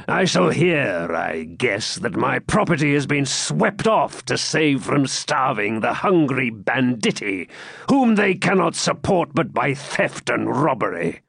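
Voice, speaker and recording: A man's voice: mid-range voice, very animated, slow, gravelly, fairly bright tone, husky, dry recording, studio quality, full character voice. A man voicing a proud, bitter old Saxon lord who speaks with indignant declamation in an audiobook reading.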